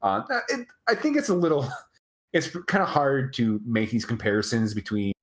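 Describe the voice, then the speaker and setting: An American man co-hosting a casual chat, rambling and halting with many restarts. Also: medium pitch, very animated. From United States. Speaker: co-host.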